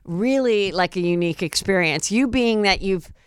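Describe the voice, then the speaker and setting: A woman's voice: mid-range voice, lively intonation, normal speed, smooth, no room sound, clean studio sound. A woman comedian, a guest on a podcast, chatting casually in a rambling way. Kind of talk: casual chat.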